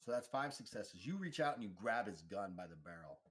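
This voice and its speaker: A man running a tabletop role-playing game as game master, explaining rolls and narrating the action in a relaxed, halting way. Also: on the low side, husky. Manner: relaxed, halting, with frequent fillers and restarts.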